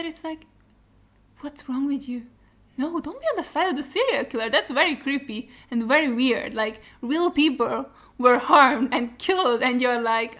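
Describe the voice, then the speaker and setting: Young woman, reaction host, casual chat, animated, swears a lot, fairly high voice. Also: moderate pace. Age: young adult. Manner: animated, swearing freely, mocking voices in quotes.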